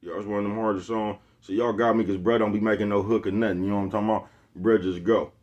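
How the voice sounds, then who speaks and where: Bay man, very low voice, loose slangy vlog rant, looping back on himself. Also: steady tone, fast, a little mellow, muffled recording. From Oakland, California. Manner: slangy, rambling, keeps asking "you know what I'm talking about". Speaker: vlogger. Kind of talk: casual monologue to camera. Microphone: phone with Bluetooth earpiece.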